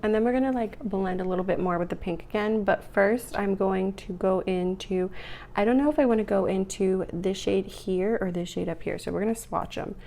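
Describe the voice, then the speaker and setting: A young woman chatting casually while doing her makeup, rambling with lots of fillers, her voice rough from the morning. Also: mid-range voice, normal speed, a little mellow. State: morning voice, clearing throat. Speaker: beauty vlogger. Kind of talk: casual get-ready-with-me chat.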